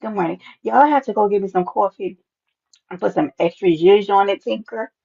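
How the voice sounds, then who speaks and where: A woman hosting a casual live stream, sassy and animated, greeting viewers by name and often jumping into a high playful voice. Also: moderate pace, gravelly, breathy edge. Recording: dull lo-fi stream audio.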